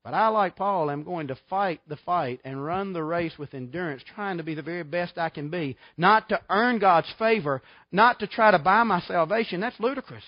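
A man's voice: sits high, moderate pace, few pauses, no echo, dull audio. A middle-aged man preaching a sermon in a folksy, emphatic way, full of rhetorical questions. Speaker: pastor.

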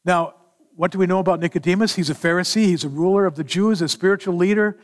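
A man preaching a sermon in an animated manner, acting out scripture dialogue as he explains verses. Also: sits high, quick pace. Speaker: pastor.

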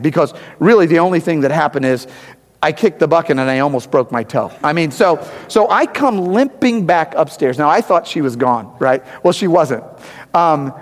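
Animated preacher man in a reverberant hall. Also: high voice. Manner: conversational, animated storytelling with frequent "right?". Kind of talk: sermon with personal story.

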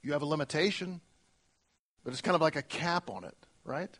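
A male pastor preaching a sermon earnestly, moving between soft, slow lines and emphatic ones. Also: on the high side.

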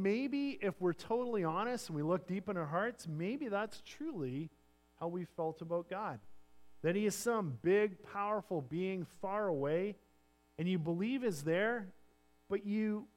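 A man preaching a sermon as a pastor, earnest, dropping to near-whispers and then swelling louder for emphasis. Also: sits high, expressive, a little slow.

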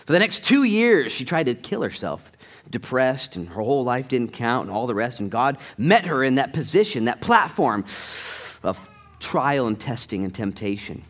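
A middle-aged male pastor preaching a sermon, telling stories in a conversational way and talking straight to the congregation, with sudden jumps in pitch and loudness. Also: moderate pace. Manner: animated storytelling with sudden rises in pitch and volume; conversational, addresses the congregation directly.

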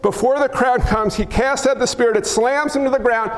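A male pastor preaching a sermon in a church hall, wearing a mic, animated and acting out crowd cries and quoted lines. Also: very high-pitched, normal speed, few pauses. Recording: long hall reverb.

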